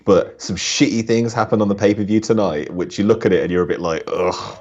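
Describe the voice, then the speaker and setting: A man co-hosting a casual chat, halting and restarting his sentences, filling them with "like". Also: fairly low pitch, fairly even intonation, darkish tone, lo-fi sound.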